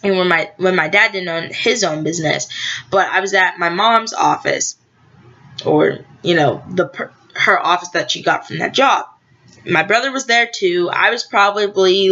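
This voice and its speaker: A teenage girl vlogs a story straight to camera, rambling along, correcting herself and chatting to her viewers. Her voice is bright and forward. The sound is dull and lo-fi, like a home video. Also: fairly low pitch. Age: teens. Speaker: vlogger.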